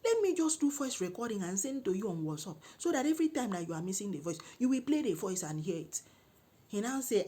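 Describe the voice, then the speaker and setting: A middle-aged woman with a Nigerian English accent spins a comic monologue. Her voice is a little husky and breathy, and she sits at an ordinary pitch for a woman. Her delivery is animated, full of exclamations and mock scolding. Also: quick pace. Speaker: comedic storyteller.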